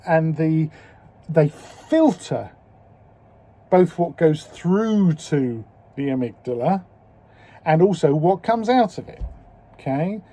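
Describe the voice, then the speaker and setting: A man in his fifties speaking candidly and slowly in a personal video diary, swearing freely as he reflects. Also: fairly high pitch, dark tone. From England. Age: 50s. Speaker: video diarist.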